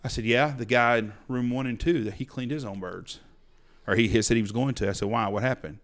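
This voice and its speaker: Man, middle-aged outfitter, folksy and blunt, mid-pitched voice, acts out clients' lines in casual podcast chat. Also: fairly quick, a bit bright. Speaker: hunting outfitter, podcast co-host.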